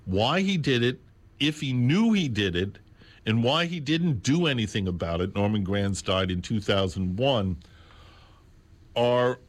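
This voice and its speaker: Slow, low-voiced male radio host. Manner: deliberate, spells out catalog numbers slowly. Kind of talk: unscripted radio talk about records. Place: radio studio. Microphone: studio mic on a stand.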